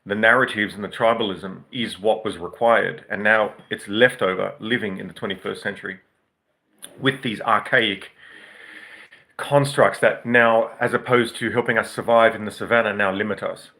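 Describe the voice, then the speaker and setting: Guy rambling through a reflective solo talk, lowish voice but bright and forceful, lectures with lots of asides. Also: steady tone, normal speed. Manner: rambling, professorial, explains with asides. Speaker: podcast host. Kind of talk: unscripted reflective monologue.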